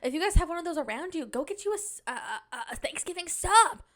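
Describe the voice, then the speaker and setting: A woman's voice: very high-pitched, expressive, fast, fairly bright tone. A young woman hosting a casual solo podcast, telling rambling stories with jokey asides. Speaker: podcast host. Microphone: podcast microphone on a stand.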